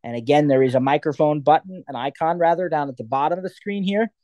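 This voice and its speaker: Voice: mid-range voice, fast, dark tone. An instructor teaching a live class, chatty and digressive, thinking aloud with lots of ums and uhs. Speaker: assistive technology instructor.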